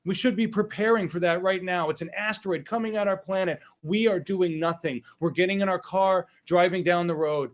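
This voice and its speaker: Angry, high-voiced ranting male host. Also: fairly even intonation, a little fast, few pauses. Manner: angry, profane, emphatic outbursts. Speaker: online political show host. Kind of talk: political rant.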